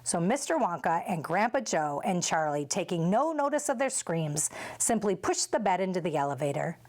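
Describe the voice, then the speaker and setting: A woman reading a children's novel aloud for a school, with clear, steady storytelling. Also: on the low side, normal speed. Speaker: school read-aloud reader.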